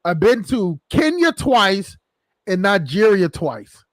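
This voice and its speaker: A man's voice: sits high, big pitch swings, takes it slowly, no echo. A man hosting a stream, talking in a casual chat and joking crudely, laughing often. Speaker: stream host.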